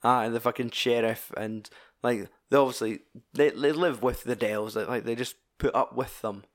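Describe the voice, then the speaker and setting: A man's voice: mid-range voice, moderate pace. A Scottish man in casual film-discussion chat, swearing freely as he retells scenes with animation.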